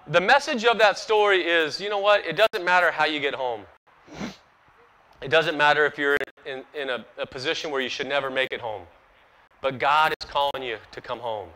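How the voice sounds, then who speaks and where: A man in his forties, a former ballplayer, telling a lively story to an audience at a ballpark event and acting out the quotes. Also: a little high, rough recording. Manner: animated storyteller, acts out quotes, laughs at himself. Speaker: former pro baseball player speaking at an event.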